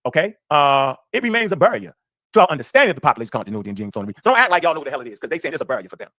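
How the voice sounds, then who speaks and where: A man's voice: on the high side, no room sound, studio quality. A man reading an article aloud and riffing on it in casual reaction commentary. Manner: rapid, animated, reads aloud and riffs.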